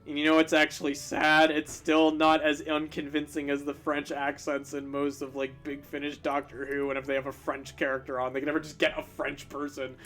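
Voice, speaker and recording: A man's voice: on the high side, monotone, a little fast, hardly any pauses, fairly bright tone, faint music behind. A young man chatting casually while drawing on a live stream, rambling and self-deprecating, with lots of fillers and restarts. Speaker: streamer and artist.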